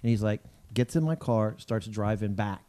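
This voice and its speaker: A man, co-hosting a casual talk show and telling a lively story, acting out the people in it. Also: fairly low pitch, moderate pace. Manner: animated, quotes people in lively voices, swears casually. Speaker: co-host. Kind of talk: casual chat, animated storytelling.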